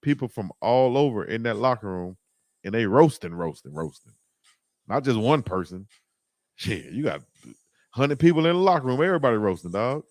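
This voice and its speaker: A man hosting a live stream, tossing out slang and cracking up at his own stories. His voice sits at an ordinary mid pitch. It is recorded close and dry, with no room sound around it. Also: brisk, dry recording. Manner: animated, laughing, slangy banter. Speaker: live-stream show host. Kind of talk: casual live-stream chat.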